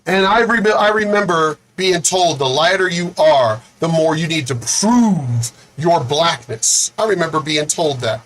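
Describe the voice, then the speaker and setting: A man's voice: a little high, lively intonation, a little slow, few pauses, a bit bright, poor audio. A man hosting his own video, delivering an angry, profane rant with lots of repetition. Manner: says he is angry and fed up. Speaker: video host.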